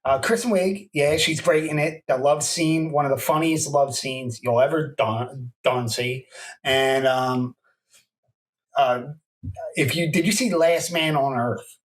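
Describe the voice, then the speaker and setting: A man's voice: medium pitch, measured pace, far from the mic. Laid-back podcast co-host man, off-mic. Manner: laid-back, agreeable, fumbling with fillers. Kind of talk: casual comedic podcast banter.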